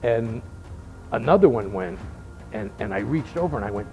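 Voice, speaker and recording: A man's voice: fairly low pitch, expressive, moderate pace, music in the background, poor audio. An older man in his seventies from Miami, telling wry anecdotes in an interview and acting out the dialogue he quotes. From Miami, Florida. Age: 70s. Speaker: interviewed veteran. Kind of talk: storytelling interview.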